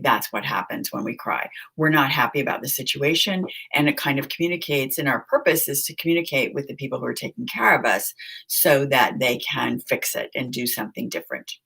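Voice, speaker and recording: Woman lecturer, low voice, conversational, repeats key points, asks questions. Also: gravelly, fairly bright tone, breathy edge. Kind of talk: recorded lecture.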